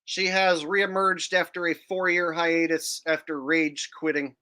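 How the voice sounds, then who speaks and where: A man's voice: on the high side, little pitch movement, unhurried, pushed and bright. A man hosting a livestream, rambling and joking in casual, profane commentary. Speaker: streamer host.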